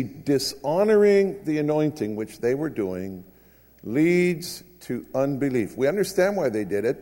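A man's voice: on the high side, mellow, in a large hall. A man preaching a sermon in a conversational style, with frequent asides to the congregation.

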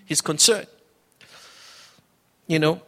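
Middle-aged man, pastor giving a personal testimony sermon; earnest and conversational, repeats himself, pitched a bit high. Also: slow, gravelly, fairly bright tone.

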